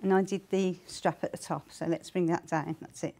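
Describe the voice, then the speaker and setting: A woman's voice: on the low side, fairly even intonation, normal speed, mellow. A woman, a guest crafter on a live shopping show, giggly and chatty as she shows her work. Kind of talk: live TV sales chat.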